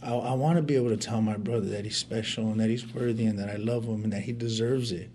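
A man's voice: lowish voice, fairly even intonation, fast talker, warm tone, a little hiss or hum. A man sharing his life story in an earnest, heartfelt way, using casual street slang and sometimes stammering as he restarts a thought. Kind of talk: personal storytelling.

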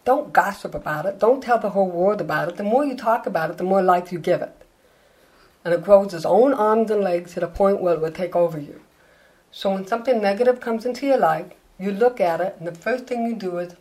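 An older woman, an author being interviewed, telling animated self-mocking anecdotes and acting out the dialogue. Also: lowish voice, a little fast, rough recording. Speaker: author guest. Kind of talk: interview storytelling.

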